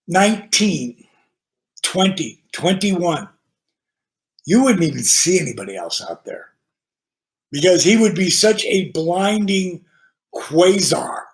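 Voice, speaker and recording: An older man, a podcast guest who wrestled professionally, telling stories in casual, profane chat. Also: high voice. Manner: profane, animated storytelling with acted-out quotes.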